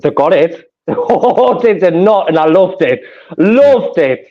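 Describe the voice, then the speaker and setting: A man with a Geordie accent, a football fan gushing excitedly in a casual chat, laughing often. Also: high-pitched, takes it slowly. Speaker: fan panelist. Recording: muffled lo-fi audio.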